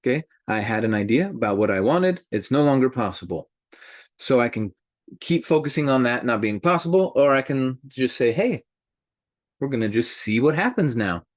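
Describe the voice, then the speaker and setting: Animated man leading a group call. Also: mid-range voice, moderate pace, no room sound, clean studio sound. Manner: animated, addresses listeners directly. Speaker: host. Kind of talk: motivational group call talk.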